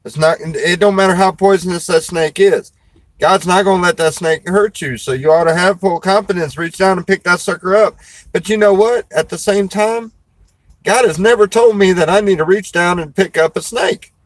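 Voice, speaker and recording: A man's voice: sits high, moderate pace, no room sound, low-quality recording. A man, a preacher and show host, chatting casually in a folksy, rambling way and laughing often. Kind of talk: casual chat.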